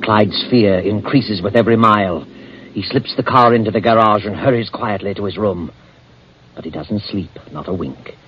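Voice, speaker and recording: The Whistler, as a man voices him, brooding and low. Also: natural voice. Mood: taunting. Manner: slow, brooding, ominous narration. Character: mysterious all-knowing male narrator who walks by night. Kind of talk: 1940s radio drama narration. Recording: hissy dull old radio broadcast with music.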